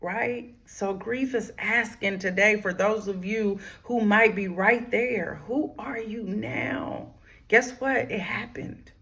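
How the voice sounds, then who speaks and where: Hosting a talk on grief on her channel, a therapist speaks in a mid-range voice, emphatic and preacherly. She addresses listeners as "y'all," shifting between quiet whispers and loud, forceful declarations.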